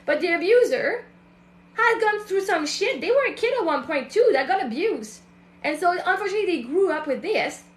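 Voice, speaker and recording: Brief: woman mindset coach, high voice, emphatic and direct, roomy echo. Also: lively intonation, moderate pace. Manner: emphatic, acts out other people's voices. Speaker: self-love and mindset coach. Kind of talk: casual monologue to an online audience.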